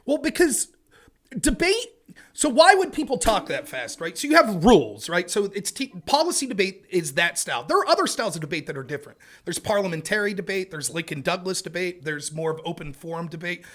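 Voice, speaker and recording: A man talking as a guest in a casual interview, fast and energetic, full of asides. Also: sits high. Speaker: interview guest, debate show host.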